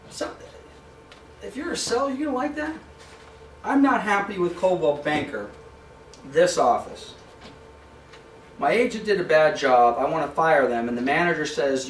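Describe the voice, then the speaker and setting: Leading a live real estate training session in an office, this slightly high-voiced man speaks at a normal pace with long pauses. He animatedly plays out brief dialogues with clients and sellers, changing his voice for each part, while a distant mic picks up room echo and a bit of hiss or hum.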